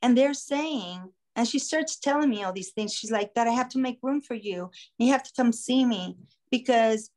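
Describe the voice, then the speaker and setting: A woman podcast host telling a story in a casual, animated way, acting out the voices of the people in it. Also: fairly high pitch, normal speed. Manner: animated, acts out quoted voices. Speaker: singer.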